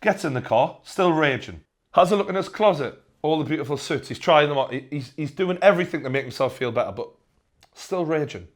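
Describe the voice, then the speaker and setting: A young Geordie man with a slightly high voice hosts a comic news rundown. He talks with sarcasm and hammers home deadpan running gags. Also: brisk. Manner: sarcastic, repeats punchlines deadpan. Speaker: host. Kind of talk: comedic news rant.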